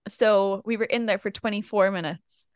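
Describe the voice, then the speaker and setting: A young woman chats through a story, slipping into the voices of the people she quotes. Her pitch sits in the middle range. The recording is dry and close, with little room sound. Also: steady tone, normal speed, smooth, no echo. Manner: chatty storyteller acting out quoted speech. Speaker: podcast co-host. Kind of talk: casual chat.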